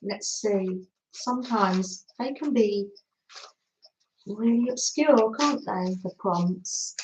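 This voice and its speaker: A woman's voice: mid-range voice, slow pace, slight background noise. Older woman, craft livestream host, chatty, reads comments aloud, echoey room.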